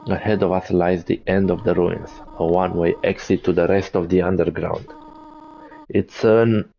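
A man reading aloud the lines of a motherly monster woman in a game, gentle turning stern, in a plain reading voice. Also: low voice, steady tone, moderate pace, creaky, muffled recording.

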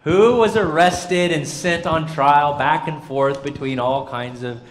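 A man's voice: fairly high pitch, slow pace, a little hiss or hum. A man preaching as pastor, running an interactive Bible trivia quiz with his congregation, chatty and full of fillers. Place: church sanctuary. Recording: long church reverb.

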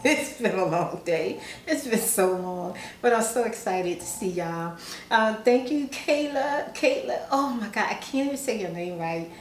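A woman's voice: medium pitch, lively intonation, unhurried, roomy sound, a little hiss or hum, rough recording. A woman vlogger who chats casually and giggles often while reading fan messages aloud, sounding sleepy. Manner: chatty, giggly, self-teasing. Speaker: ASMR vlogger.

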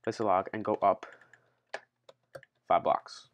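A man with a somewhat low voice narrates a casual game-building tutorial. He speaks straight to his viewers in an easygoing, unscripted way. He counts out each step as he goes and keeps calling his audience guys. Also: fairly even intonation, slow pace, dull audio. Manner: chatty, keeps addressing viewers as guys, counts blocks aloud; loose and unscripted, changes plans mid-sentence. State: out of breath after a workout. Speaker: Minecraft tutorial host.

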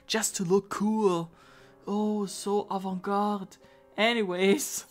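Giggly, slow-talking woman gamer. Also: medium pitch, little pitch movement, faint music behind. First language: not English. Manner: giggly, joking. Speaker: game streamer. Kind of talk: casual game commentary.

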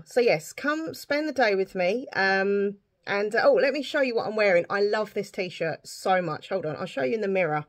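A British woman talking to camera in a casual vlog, chatty and rambling with lots of fillers. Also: mid-range voice. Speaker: vlogger.

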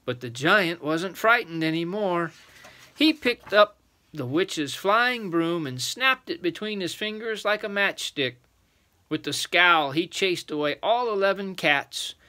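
Older male storyteller, bright tone, very lively pitch, bedtime read-aloud. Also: measured pace. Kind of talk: children's bedtime story reading.

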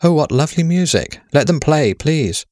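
A man voicing Death as a young woman in a storybook, speaking softly, sweetly and earnestly. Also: on the low side, normal speed, dry recording, clean studio sound, lightly acted. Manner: soft, earnest, apologetic.

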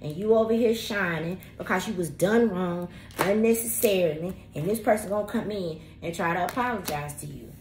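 A woman's voice: fairly low pitch, a little fast, hardly any pauses, a little mellow. Woman tarot reader, blunt and cussing, straight to camera; echoey room, slight noise. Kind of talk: spirited tarot reading monologue. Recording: roomy echo with faint background noise.

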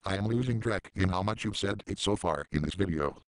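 A man with a very low, smooth, resonant voice, recorded dry and close. He delivers mocking commentary in a deadpan, sarcastic and profane way. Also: fairly quick, dry recording. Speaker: commentary channel host.

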